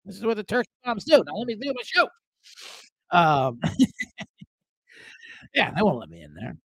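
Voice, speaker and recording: High, animated, profane male show host. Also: a little slow, creaky, breathy edge, dry recording, low-quality recording. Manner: profane, animated, mimics family members. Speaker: sports betting show host. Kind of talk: comedic live-stream rant.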